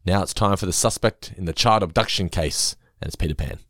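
A man's voice: low-pitched, fairly quick, no room sound, clean studio sound. A man, co-hosting a podcast and casually recapping a cartoon episode. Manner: relaxed, recapping, chuckles often. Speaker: podcast co-host.

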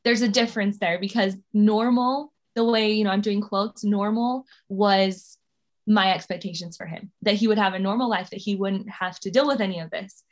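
A woman's voice: mid-range voice, fairly even intonation, a little fast, hardly any pauses. A woman in her thirties, a guest on a podcast, talking in a chatty, candid way and laughing often. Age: 30s. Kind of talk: casual interview chat.

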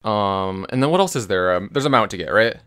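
A man's voice: lowish voice, animated, brisk, fairly bright tone, clear, resonant tone. A man co-hosting a casual gaming podcast, speaking in a wry, hedging way. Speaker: podcast co-host.

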